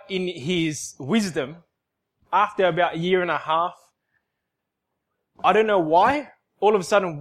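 A man giving an emotional church testimony, emphatic and repetitive, swinging from loud outbursts to soft, hushed lines. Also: sits high. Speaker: speaker giving a personal testimony.

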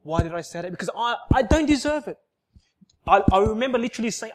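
A man giving an emotional church testimony, emphatic and repetitive, swinging from loud outbursts to soft, hushed lines. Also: sits high, lively intonation, quick pace, slight background noise. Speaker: speaker giving a personal testimony.

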